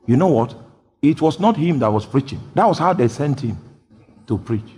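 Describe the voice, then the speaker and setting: A man preaching a sermon, jumping from loud shouted quotations down to quiet, low explanation. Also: animated, normal speed, long pauses, breathy edge. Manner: bursts into loud shouted quotes, then drops low. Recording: long hall reverb.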